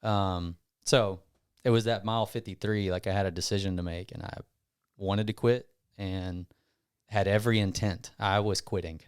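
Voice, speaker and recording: Male podcast guest, lowish smooth voice, dry close sound, rambling storyteller. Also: normal speed, no room sound. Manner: rambling, animated retelling with self-quotes. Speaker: gym owner guest.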